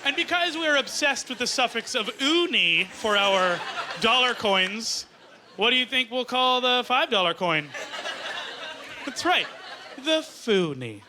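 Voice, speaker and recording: A male stand-up comedian from Canada with a very high, excitable voice, jumping into squeaky bits. He performs on a club stage into a handheld mic. Roars of audience laughter and stage noise fill the recording. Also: unhurried, a crowd in the background.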